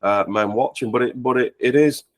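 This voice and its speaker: A man's voice: medium pitch, normal speed. A man hosting an interview, reflective and affirming. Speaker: host. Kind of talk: conversational interview.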